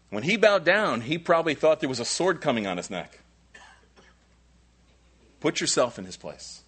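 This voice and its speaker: Husky preacher swinging loud to soft. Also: male voice, medium pitch. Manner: dramatic, swings from loud emphasis to near whispers. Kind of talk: sermon.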